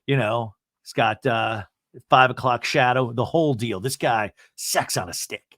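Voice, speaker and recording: A man's voice: mid-range voice, measured pace, a bit bright, dry recording, clean studio sound. A man hosting a podcast, giving a comedic, gossipy recap of a reality TV episode with laughing asides. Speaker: podcast host.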